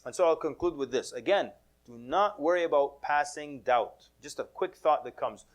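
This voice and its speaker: A man's voice: fairly high pitch, expressive, moderate pace. A man giving a casual sermon to a mosque audience, telling stories with humor, acting out quoted voices and mixing in Arabic religious phrases. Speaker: Islamic preacher.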